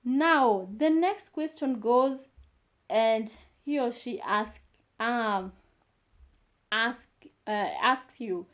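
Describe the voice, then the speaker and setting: A woman gives a beginner language lesson in a high voice. She speaks very slowly, saying each phrase several times with many pauses and fillers in between. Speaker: language teacher.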